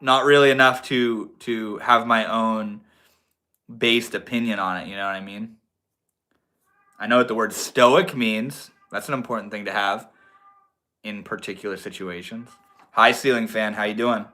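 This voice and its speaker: A man's voice: lowish voice, steady tone, moderate pace, bright, forceful tone. A young man from Maine hosting a casual livestream, chatting in a slangy, laid-back way and answering viewers. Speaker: livestream host.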